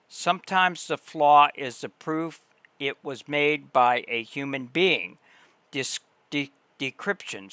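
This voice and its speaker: A man with a somewhat high voice reads a long passage aloud on his livestream. He goes slowly and deliberately, pausing between phrases. The sound is close and dry. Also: sharp tone, no echo. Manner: slow, deliberate reading with pauses and restarts. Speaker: livestream host. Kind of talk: reading text aloud on a livestream.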